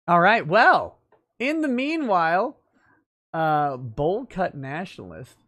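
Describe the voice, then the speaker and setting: A man's voice: high voice, big pitch swings, slow, sharp tone, dry recording, highs cut off. A man hosting a livestream, explaining legal matters in a casual, thinking-aloud way with fillers. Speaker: livestream talk show host and lawyer.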